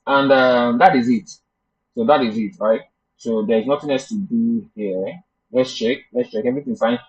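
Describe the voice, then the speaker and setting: Husky man teaching code live. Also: mid-range voice. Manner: thinks aloud while debugging, chatty and hesitant. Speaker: coding instructor. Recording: muffled lo-fi class recording.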